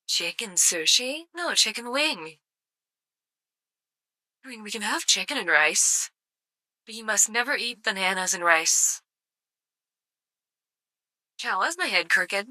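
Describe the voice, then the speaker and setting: A woman's voice: mid-range voice, animated, slow, long pauses, pushed and bright, no echo. A woman live-streaming casual commentary, sarcastic and swearing freely with mock outrage.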